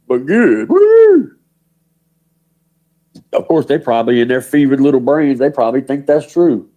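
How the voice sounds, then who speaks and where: A man's voice: medium pitch, mellow, low-quality recording. A man hosting a livestream, cursing and mocking people, taunting them with questions and laughing often. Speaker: livestream host. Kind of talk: profane livestream rant.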